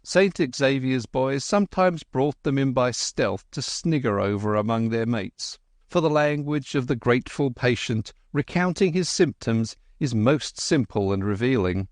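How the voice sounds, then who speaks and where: Slow, dry-sounding male narrator. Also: medium pitch, lively intonation, no room sound. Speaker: audiobook narrator. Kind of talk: scripted narration.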